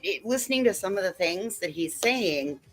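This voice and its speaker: A woman's voice: mid-range voice, lively intonation, normal speed. A woman on a livestream panel, giving casual commentary with some hesitation. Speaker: panel guest.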